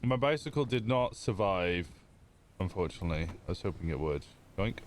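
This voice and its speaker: A man's voice: low voice, lively intonation, normal speed, slight background noise. A man livestreaming a roleplay game, chatting casually with his viewers in a rambling, self-interrupting way. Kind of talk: casual chat with stream viewers.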